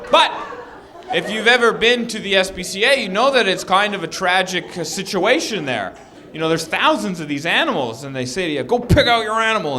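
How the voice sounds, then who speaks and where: A man performing a stand-up comedy set, telling animated stories and acting out shouting characters. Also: high voice.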